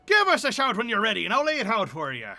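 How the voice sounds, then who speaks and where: A hearty, gruff guildmaster, put on by a man, with a rough working-class English accent. The voice sits high and swings widely, with a bright, sharp edge. The manner is salty and bluff. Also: huge pitch swings, fast talker, no echo, faint music behind, heavily acted. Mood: brisk, friendly. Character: hearty rough-spoken male guildmaster, middle-aged. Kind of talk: game dialogue read aloud in voices.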